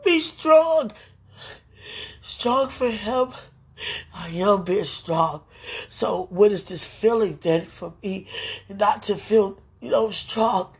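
A tearful woman in an emotional spoken prayer, pleading in halting, repeated phrases. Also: medium pitch, breathy edge.

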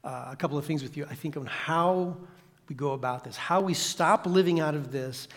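Preaching man, loud to whispered, in a reverberant hall. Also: a little high, moderate pace. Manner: dramatic, swings from loud to hushed whisper. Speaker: guest pastor. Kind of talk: sermon. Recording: long reverb of a church hall.

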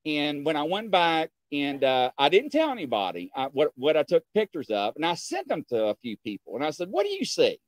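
A man's voice: a little high, brisk, hardly any pauses, no echo. A man telling a story in casual chat, acting out dialogue and often checking in with his listeners. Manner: animated, acts out dialogue, keeps checking in with "okay?".

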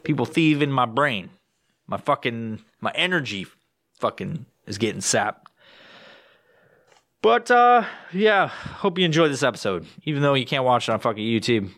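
A young man rants into his home podcast microphone, swearing nearly every sentence and doubling back mid-thought. His voice sits at an ordinary middle pitch for a man, jumping high when he acts out his own frustration. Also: normal speed, no room sound, studio quality. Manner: profane, rambling, swears constantly; jumps into high excited voice when quoting himself. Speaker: podcast host. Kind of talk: casual solo podcast rant. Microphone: podcast microphone with headphones.

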